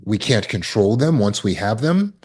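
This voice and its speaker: A man's voice: lowish voice, very animated, moderate pace, darkish tone, slightly rough. A man coaching on trauma recovery in a casual talk, telling stories and acting out quoted people with big jumps in his voice.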